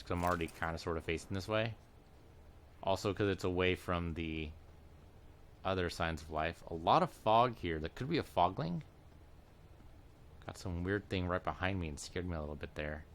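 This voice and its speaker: Male let's-player, lowish voice, meandering casual commentary, faint game noise under. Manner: rambling, musing aloud while playing. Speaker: let's play gamer.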